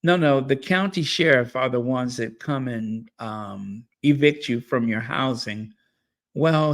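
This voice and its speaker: A man hosting a live stream, slowly reading member messages and thanking them, and he gets openly emotional and effusive. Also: a little high. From United States.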